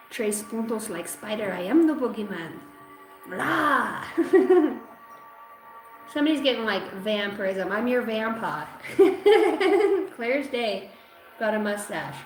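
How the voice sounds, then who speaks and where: Doing a relaxed livestream card reading, a woman in her thirties who reads tarot and oracle cards welcomes viewers with cheeky, foul-mouthed banter. Her voice sits fairly high, over an echoing room and soft background music.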